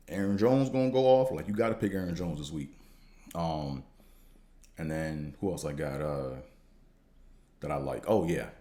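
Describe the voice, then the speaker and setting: A man hosting a podcast, talking in a casual, slangy, profane monologue that rambles and jumps higher when he gets fired up. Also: a little mellow. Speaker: podcast host.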